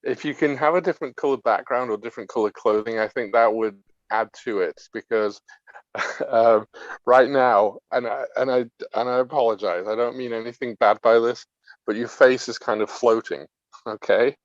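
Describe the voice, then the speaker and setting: Man evaluator, mid pitch, friendly and halting, dry muffled call audio. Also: dry recording. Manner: friendly, halting, many restarts. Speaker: speech evaluator. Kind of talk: casual spoken feedback.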